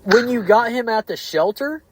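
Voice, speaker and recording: A man's voice: very high-pitched, animated, moderate pace, background noise. A man, hosting a casual podcast chat, swearing heavily and speaking bluntly and heatedly.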